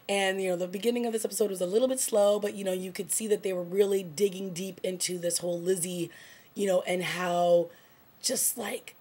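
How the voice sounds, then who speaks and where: A woman with a slightly husky voice talks through a TV episode she just watched. She is casual and animated, gushing and tossing in filler words as she recaps scenes. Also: lowish voice, fast talker. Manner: excited, gushing, frequent "like" and "oh my God". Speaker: TV review vlogger.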